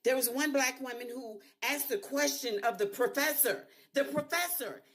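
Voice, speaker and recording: A woman's voice: high voice, normal speed, a bit bright. A woman in an angry, emotional video rant, swearing freely.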